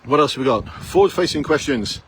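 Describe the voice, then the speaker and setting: A man's voice: mid-range voice, animated, fairly quick, husky, rough recording. A man in his fifties, a police recruitment coach giving blunt, challenging advice full of rhetorical questions, recorded outdoors in a town. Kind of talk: direct advice to camera.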